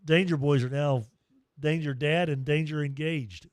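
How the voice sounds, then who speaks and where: A man hosting a morning sports radio show, telling stories in a lively, emotional, self-deprecating way into a studio mic. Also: fairly high pitch, a little slow, no room sound. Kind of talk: casual morning radio chat.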